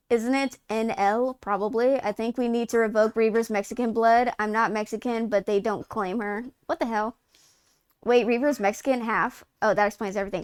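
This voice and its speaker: A woman streamer talking into a headset in a smooth, clear voice that sits a little high. She swings between reading game lines aloud and excitable, cursing, giggly chatter. The sound is close and dry. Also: normal speed, dry recording. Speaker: streamer playing a video game. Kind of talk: casual live-stream chat and reading game text aloud.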